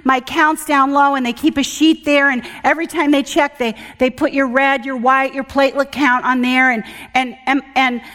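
A woman's voice: sits high, little pitch movement, normal speed, few pauses. Earnest woman preaching in a reverberant hall. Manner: earnest, emphatic, swings from loud to hushed. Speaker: guest speaker at church session. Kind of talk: sermon with personal testimony. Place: church hall.

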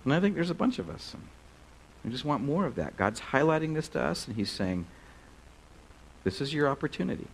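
A male pastor preaching to a crowded church. His pitch swings widely as he tells stories in a casual, animated way, full of loose filler words. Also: a little fast, vocal fry, a little hiss or hum, rough recording. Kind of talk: sermon with storytelling.

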